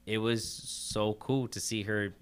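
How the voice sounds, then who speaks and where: A man with a lowish voice hosting a relaxed podcast chat. He stumbles and restarts his sentences often. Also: takes it slowly, smooth. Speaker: podcast host.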